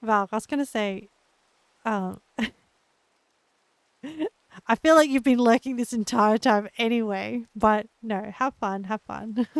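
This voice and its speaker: A young woman with an Australian accent, chatting gently and encouragingly with her live viewers as a streamer, laughing often. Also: a little high, slow pace, long pauses, no room sound. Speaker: livestreamer. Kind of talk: casual chat with live viewers.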